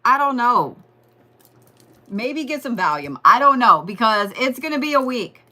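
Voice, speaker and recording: A woman's voice: fairly high pitch, lively intonation, measured pace, pushed and bright. A woman giving a casual, rambling astrology reading, joking and swearing as she talks straight to her listeners. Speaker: astrology and Reiki host.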